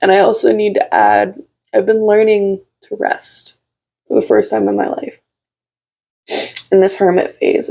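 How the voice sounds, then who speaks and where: A woman in her own room giving a casual, heartfelt channeled message to her viewers as a tarot reader, with lots of fillers and soft giggles. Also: medium pitch, gravelly, breathy edge.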